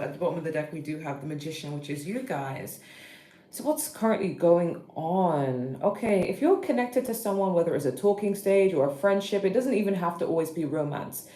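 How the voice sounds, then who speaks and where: A woman reading tarot cards in a loose, chatty way, often thinking aloud and cutting herself off mid-thought. Her voice sits low and still has an early-morning roughness to it. The sound carries a noticeable room echo. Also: normal speed, mellow. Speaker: tarot reader. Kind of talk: casual tarot card reading.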